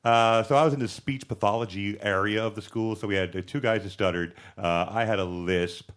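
A man's voice: lowish voice, brisk. A man with a slight lisp telling a rambling comic story on stage, laughing at himself as he goes. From from overseas. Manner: rambling, animated, laughing at his own story. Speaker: comedian guest.

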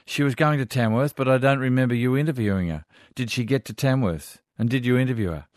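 A man's voice: mid-range voice, fast talker, no echo, studio quality. An older Australian man hosting a radio show, reading listener letters with chatty asides. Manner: warm chatty asides, chuckling.

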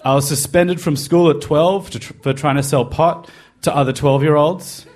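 A man's voice: a little high, fairly even intonation, moderate pace, a little mellow, a little hiss or hum. A man telling a personal story, wry and self-deprecating, in a confessional way. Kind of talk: personal story told to a live podcast.

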